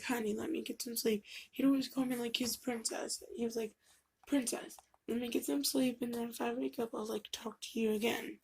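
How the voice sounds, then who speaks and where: A woman's voice: a little high, gravelly, slightly rough. A woman vlogging casually at home into her camera mic, rambling with lots of fillers and getting emotional. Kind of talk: casual confessional vlog. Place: home room.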